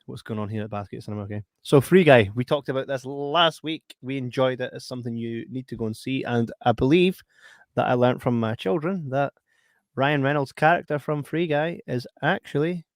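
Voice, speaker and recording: A man with a Scottish accent co-hosting a podcast in casual chat, playful and quick to laugh. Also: mid-range voice, dry recording, clean studio sound. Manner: playful, laughs often, lively banter. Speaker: podcast co-host.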